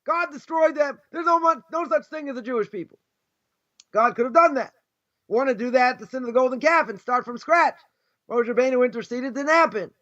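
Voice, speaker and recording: A man's voice: extremely high pitch, a little fast, sharp tone. A man with a Boston accent teaching an informal Torah class as a rabbi, arguing in rhetorical questions and repeating his key phrases for emphasis. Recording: dull lo-fi recording.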